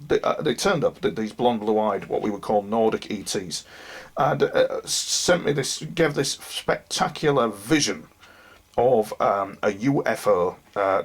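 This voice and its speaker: A man's voice: lowish voice, breathy edge. A man talking earnestly to camera about his experiences, rambling and addressing viewers directly, unwell and losing his voice. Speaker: UFO experiencer. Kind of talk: monologue to camera.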